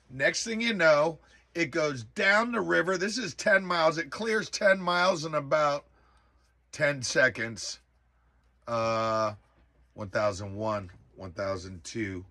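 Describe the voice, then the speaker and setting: A man telling a personal story in a casual, animated way, exclaiming often and filling pauses with "uh" and "um". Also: mid-range voice. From rural area. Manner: animated, exclaims in bursts, many fillers. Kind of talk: casual spoken recollection.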